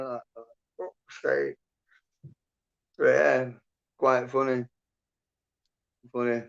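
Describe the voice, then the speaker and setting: A man's voice: medium pitch, steady tone, measured pace, creaky, pauses often, dull audio. A man hosting a livestream, telling a rambling story in casual chat, swearing constantly and laughing as he goes. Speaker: livestream host.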